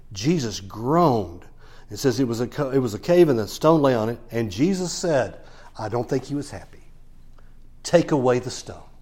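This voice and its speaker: A man's voice: mid-range voice, a little mellow, breathy edge. A man preaching a sermon, telling a Bible story and acting out the quoted lines as he goes.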